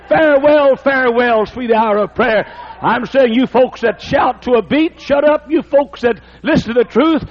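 A man preaching a sermon, dropping to low talk and rising to shouted, half-sung hymn lines. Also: moderate pace, lo-fi sound. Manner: swings from low mutter to shouted singing of hymns. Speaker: pastor.

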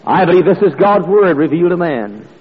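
A man preaches with a husky, slightly breathy voice that carries a long hall reverb. He tells stories in an earnest way, dotted with "uh" fillers. The sound is dull and lo-fi. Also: fairly high pitch, very animated, fairly quick. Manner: earnest storytelling with frequent "uh" fillers. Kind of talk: sermon.

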